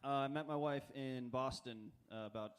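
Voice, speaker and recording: A man's voice: medium pitch, moderate pace, clear, resonant tone. A young man, an Army veteran and comedian guest, answering questions mildly with many hesitations. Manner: mild, hesitant, filler-heavy. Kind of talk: live interview answers.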